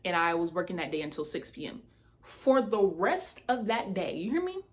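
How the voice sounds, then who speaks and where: A woman telling a personal testimony in a casual, animated way, speaking straight to her listeners. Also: on the low side, normal speed.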